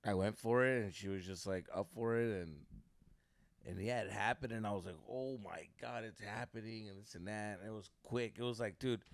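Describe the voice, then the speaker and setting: A young man co-hosting a podcast, telling a crude, animated story in casual chat with lots of swearing. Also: on the low side, normal speed, dry recording. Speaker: podcast co-host.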